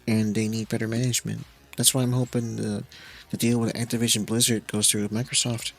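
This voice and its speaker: A man's voice: fairly low pitch, little pitch movement, a little fast, gravelly, faint music behind. A young man streaming a game, rambling in a casual, profane, jokey way. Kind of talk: casual live-stream chat while gaming.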